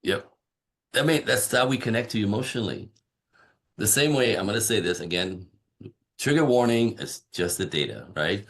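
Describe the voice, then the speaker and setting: A man's voice: fairly low pitch, moderate pace. A man, a relationship coach, talking casually on a podcast and acting out little dialogues from his stories. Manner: animated storyteller acting out dialogue. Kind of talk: conversational podcast interview.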